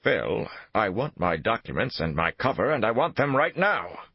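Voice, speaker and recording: A man's voice: low-pitched, big pitch swings, brisk, husky, no room sound, heavily acted. A man voicing a ruthless, domineering male spy chief who gives orders and flares into rage. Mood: commanding. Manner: commanding, explodes into furious shouting. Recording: dull lo-fi dry recording.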